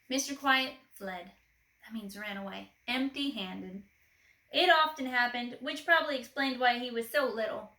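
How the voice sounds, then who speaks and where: A woman reading a children's storybook aloud expressively, gently asking the listener questions. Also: fairly high pitch, echoey room, rough recording.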